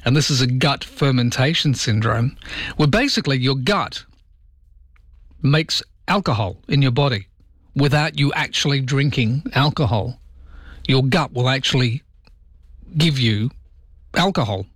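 A man hosts a radio show from a dry, close-miked studio. His pitch sits in the middle of the range, and his talk is chatty and animated. He keeps throwing rhetorical questions to his listeners. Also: unhurried, long pauses, husky, dry recording. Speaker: radio host. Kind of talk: casual talk radio chat. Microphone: studio microphone.

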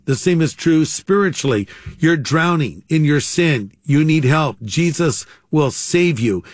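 A man's voice: fairly high pitch, no room sound, clean studio sound. Earnest pastor leading prayer, man. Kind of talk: radio sermon, leading a prayer.

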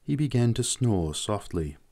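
A man narrating a story as an audiobook, in a measured, unhurried way. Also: fairly low pitch, sing-song, mellow. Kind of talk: audiobook reading.

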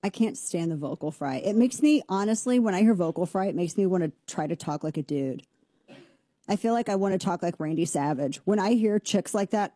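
A woman hosts a commentary show, firing off sarcastic rants. Her voice is mellow and dark in tone. It is recorded dry and close, with no room sound. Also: on the low side, animated, no room sound. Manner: sarcastic, rapid-fire ranting. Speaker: host.

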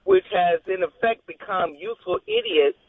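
A woman's voice: on the low side, huge pitch swings, moderate pace. A woman calling in to a radio show, rambling, repeating herself and restarting phrases as she talks. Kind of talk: phone-in call. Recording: tinny phone line.

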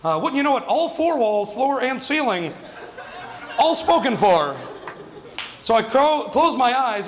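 A man doing stand-up, telling a story in an animated way and jumping into quoted voices. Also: high-pitched, normal speed, long reverb tail. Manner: animated, acts out quoted voices with big jumps. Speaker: stand-up comedian.

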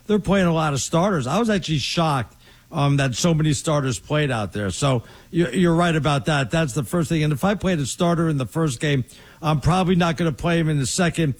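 A man's voice: on the high side, a little fast. A man co-hosting a sports talk show, rambling and emphatic in casual chat. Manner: rambling, restarts often, emphatic opinions. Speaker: podcast co-host.

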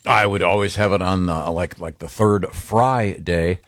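A man's voice: deep voice, unhurried, background noise. A man co-hosting a morning radio show, playful and teasing, often laughing. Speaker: radio co-host. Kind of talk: casual morning show banter.

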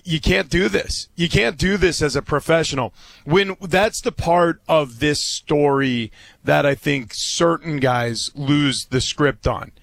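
A man's voice: on the high side, fairly bright tone, dry recording. A man co-hosting a sports talk show, earnest and lecturing, repeating points for emphasis.

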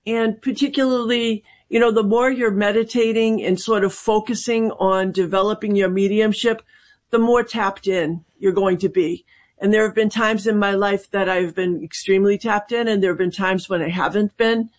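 A woman's voice: mid-range voice, fairly even intonation, moderate pace. A woman working as a medium, a guest on a call-in radio show, speaking thoughtfully and hesitantly with many fillers and restarts.

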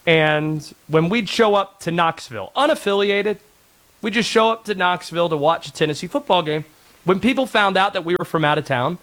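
A man's voice: high voice, moderate pace, a bit bright. A man in his thirties hosting casual sports talk radio, sarcastic and rambling.

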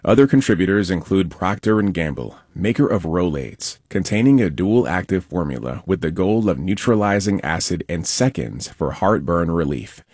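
A man reading a scripted sponsor message in a lively announcer style. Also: sits low, normal speed, few pauses, no echo, studio quality.

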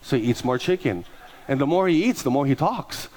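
A man preaching as a pastor, telling stories with lively repetition and acting out the people in them. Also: mid-range voice, fairly quick, background noise. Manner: animated, repeats words and acts out people. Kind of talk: storytelling sermon.

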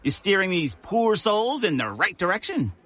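An actor playing a cheerful, folksy hotline manager. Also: male voice, high voice, sing-song, normal speed, fairly bright tone, exaggerated voice. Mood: friendly. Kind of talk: audio drama acting.

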